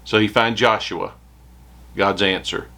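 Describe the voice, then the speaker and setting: A man's voice: fairly low pitch, steady tone, measured pace, sharp tone. A man preaching a short devotional sermon, reading scripture aloud with rising emphasis.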